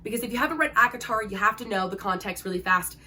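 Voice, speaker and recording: A woman's voice: medium pitch, lively intonation, quick pace, bright, forceful tone. A young woman talking casually about books she loves, gushing and dramatic, with lots of fillers. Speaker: book reviewer.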